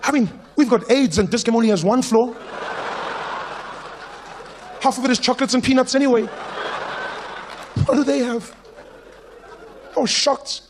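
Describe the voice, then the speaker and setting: A South African man doing stand-up comedy, telling stories in an animated, playful way. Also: very high-pitched, a little fast, pauses often, background noise.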